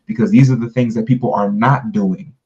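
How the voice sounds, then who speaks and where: A man's voice: lowish voice, steady tone, fairly quick, dark tone, dull audio. A man in casual podcast conversation, talking earnestly in long, run-on explanations. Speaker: podcast co-host.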